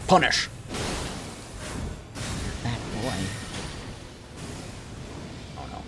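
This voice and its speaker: Animated male streamer over game music. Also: medium pitch, normal speed. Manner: excitable, chats to viewers, self-teasing. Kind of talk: live gameplay commentary.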